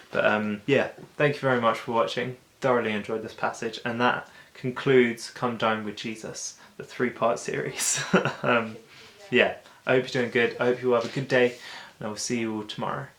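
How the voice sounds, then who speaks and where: A man talks through a Bible passage in a loose, conversational way, full of fillers and little acted-out voices. His voice sits at an ordinary middle pitch. The room around him is noticeably echoey. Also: fairly even intonation, a bit bright. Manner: chatty and informal, acts out excuses in quick asides. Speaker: daily Bible video host. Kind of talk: casual Bible teaching.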